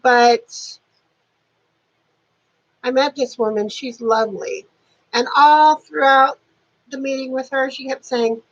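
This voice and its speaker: A woman's voice: high voice, fairly even intonation, slow pace, long pauses, highs cut off. A woman in her fifties chatting casually to camera at home, dropping dry sarcastic asides. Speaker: beauty vlogger. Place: warm apartment at home.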